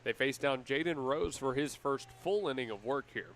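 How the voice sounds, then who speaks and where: A man with a mid-range voice calls baseball play-by-play live, keeping a measured pace between pitches and picking up energy on big plays. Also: fairly bright tone. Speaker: play-by-play announcer.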